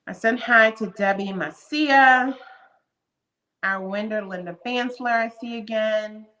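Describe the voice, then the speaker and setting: This is a woman in her fifties hosting a casual live stream. Her voice is bright and pitched a little high. She chats in a friendly, upbeat way, welcoming viewers one after another. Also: slow pace. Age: 50s. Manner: greets viewers by name, chatty and upbeat. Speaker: livestream host.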